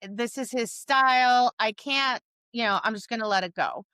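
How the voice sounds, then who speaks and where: A woman's voice: on the high side, moderate pace, sharp tone, clear, resonant tone, no echo. A woman co-hosting a podcast about dog training, talking casually and acting out cheery voices and dog reactions. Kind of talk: casual chat.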